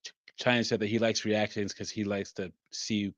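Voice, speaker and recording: A man hosting a casual podcast reaction chat, talking haltingly with stumbling restarts. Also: fairly low pitch, level tone, no echo, lo-fi sound. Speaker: podcast host.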